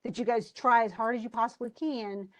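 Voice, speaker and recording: A woman's voice: on the high side, fairly even intonation, brisk. A woman instructor giving an online class lecture over a computer mic, talking conversationally with many restarts and check-ins with the students. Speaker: college English instructor.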